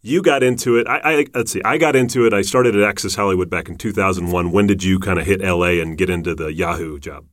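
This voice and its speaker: A man's voice: deep voice, steady tone, fast, few pauses, dry recording, studio quality. A man hosting a podcast interview, enthusiastic and emphatic, his voice rising at his points. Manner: enthusiastic, emphatic, building up to loud punchlines. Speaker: podcast host.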